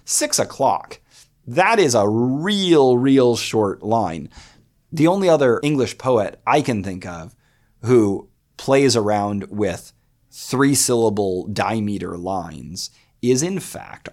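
A man explaining poetic meter with animated enthusiasm, reading lines of verse aloud and breaking them down. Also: fairly low pitch. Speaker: poetry lecturer.

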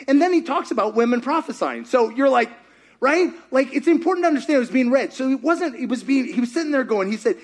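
A man preaching to a congregation, with a strikingly high voice and a lively, swooping delivery. He jokes about himself and keeps throwing questions to the crowd. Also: brisk. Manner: joking, asks the congregation questions. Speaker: pastor. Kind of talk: sermon. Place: church before a congregation.

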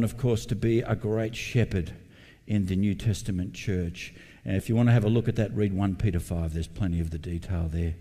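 A man's voice: deep voice, moderate pace, mellow, big-room sound. Earnest middle-aged male pastor preaching. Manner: earnest, repeats key points, tells personal stories. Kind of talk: sermon. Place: church building.

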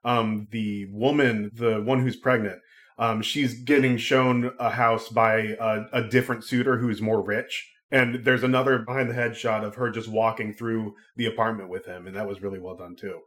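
A man in casual film talk, animated and swearing freely, acting out characters' lines. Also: fairly low pitch, moderate pace.

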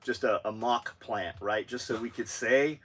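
A man's voice: mid-range voice, unhurried, fairly bright tone, breathy edge. A man appearing as a guest on a podcast, trading wisecracks and conspiratorial asides in casual chat.

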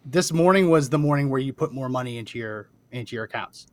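A man's voice: medium pitch, expressive, fast talker, dry recording. A man co-hosting a talk show, chatting in an easygoing way. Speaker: co-host. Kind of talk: casual talk show chat.

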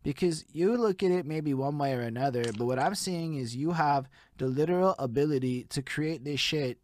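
A man's voice: on the high side, moderate pace, darkish tone, no echo. A man from Quebec in casual, profane, jokey conversation as a podcast host. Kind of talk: casual chat.

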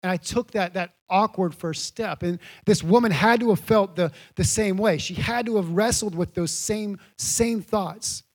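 High-voiced man preaching earnestly. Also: unhurried, hardly any pauses. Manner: repeats key phrases for emphasis; earnest, building to emphatic peaks. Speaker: pastor. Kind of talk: sermon.

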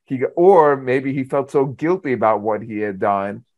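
A man with a mid-range voice talks through his theories in a thoughtful, casual way. He often pauses with filler words as he works out his ideas. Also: medium pitch, animated, lo-fi sound. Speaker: podcast co-host. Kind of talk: casual movie discussion.

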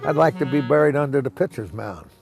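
A man with a gravelly, creaky voice reminisces in a relaxed, folksy way, a former ball club manager telling old stories. Faint plucked guitar plays underneath him. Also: medium pitch, quick pace. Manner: folksy storyteller, acts out the voices in his stories. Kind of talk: reminiscing casual talk.

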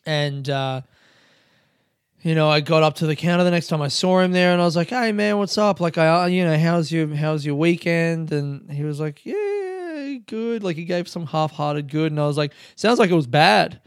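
A man's voice: fairly high pitch, fairly even intonation, moderate pace, smooth, dry recording, studio quality. A young man hosting a podcast, rambling, self-mocking and swearing often as he talks alone. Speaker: podcast host. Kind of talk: casual solo monologue.

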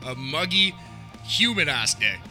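A man's voice: on the high side, big pitch swings, a little slow, sharp tone, soft background music. A man from Canada co-hosting a podcast in casual chat, upbeat and rambling, with frequent restarts. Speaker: podcast co-host.

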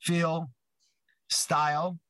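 A man's voice: fairly high pitch, little pitch movement, extremely slow, bright, forceful tone, a little hiss or hum, poor audio. A man co-hosting a podcast in casual chat, teasing and rambling while talking from his car. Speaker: podcast co-host.

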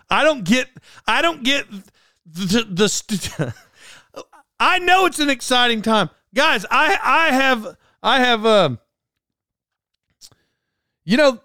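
Rambling man with a smooth, high voice. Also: dry recording, clean studio sound. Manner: rambling, self-interrupting, animated. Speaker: comedy podcast host. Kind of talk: rambling comic monologue. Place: alone in a room.

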